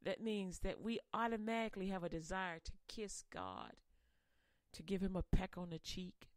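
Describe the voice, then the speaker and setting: A woman radio preacher giving an impassioned sermon, swinging between loud emphasis and quiet asides. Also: medium pitch, lively intonation, normal speed, no echo, studio quality.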